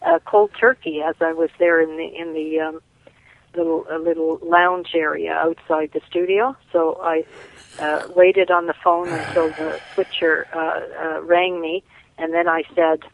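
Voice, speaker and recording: A woman's voice: sits low, level tone, measured pace, gravelly. A woman calling in to an interview, telling stories in a rambling way with many restarts, over a tinny phone line. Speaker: caller and guest.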